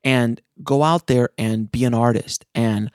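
A man's voice: mid-range voice, a little slow, a little mellow, no room sound, clean studio sound. A middle-aged man, a filmmaker hosting his own show, talking earnestly and passionately to his listeners, often restarting his phrases. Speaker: filmmaker and podcast host. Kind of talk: casual monologue to listeners.

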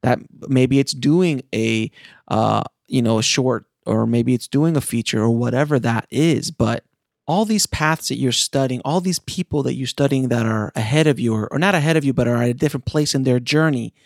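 Middle-aged male host, gravelly voice, earnest and impassioned, loose unscripted monologue. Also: medium pitch, normal speed, no echo, studio quality. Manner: earnest and passionate, with frequent restarts. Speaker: filmmaker and podcast host. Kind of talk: casual monologue to listeners.

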